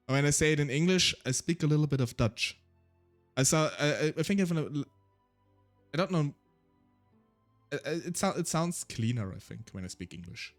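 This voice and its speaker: A native German-speaking man with a German accent talks on his stream in a rambling, self-deprecating way. His voice sits a bit high for a man. Soft music plays faintly under him. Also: lively intonation, normal speed, pauses often. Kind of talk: casual solo stream chat.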